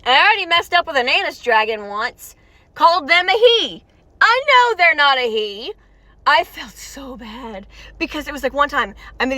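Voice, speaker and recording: A tired but warm woman sits in a parked car, reacting to a game's story in rambling commentary aimed straight at her viewers. She's a video creator with a high, bright voice, excitable and chatty, often restarting her sentences. The audio has no echo.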